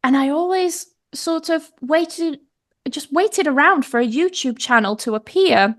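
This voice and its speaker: A woman's voice: high-pitched, a little slow. A woman in her thirties with a British English accent, a pronunciation teacher telling stories as a guest in a casual conversation, laughing often and acting out what people said. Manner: animated storytelling, laughs often, acts out quotes.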